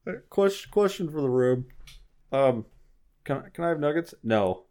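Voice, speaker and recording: A man's voice: mid-range voice, expressive, moderate pace, warm tone. A young man co-hosting a casual podcast chat, joking and laughing often as he tells stories. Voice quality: laughs often, jokey and playful. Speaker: podcast co-host.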